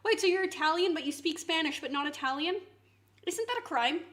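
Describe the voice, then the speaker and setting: A woman streamer chatting casually to her viewers, swinging into loud mock outrage and swearing. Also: extremely high pitch, expressive, fairly quick. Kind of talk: casual live-stream chat. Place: home kitchen.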